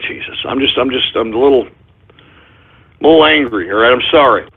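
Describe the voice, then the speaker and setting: A call-in radio host with a gravelly, slightly rough medium voice rants angrily at a moderate pace, cursing, sighing, and stumbling into restarts. The audio is tinny and lo-fi, like a phone line.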